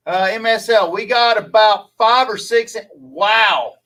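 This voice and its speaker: A man's voice: high voice, measured pace, bright, forceful tone, far from the mic, poor audio. A man from Louisiana with a Southern accent, chatting folksily with viewers on a live stream, rambling and laughing easily.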